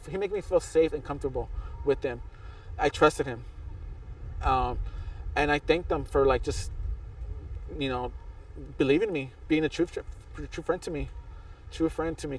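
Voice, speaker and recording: A man's voice: medium pitch, darkish tone, distant mic. A man guest on a podcast, telling a long hiking story in a rambling way, with many restarts and fillers. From Southern California. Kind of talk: casual storytelling interview.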